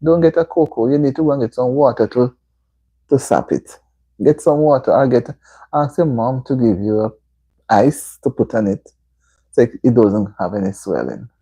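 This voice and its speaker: A woman's voice: rumbling low, moderate pace, warm tone, husky, lo-fi sound. A Jamaican woman hosting a casual livestream, chatting with viewers and answering their comments with motherly advice. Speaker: livestream host. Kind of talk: casual live-stream chat. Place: indoor room at home.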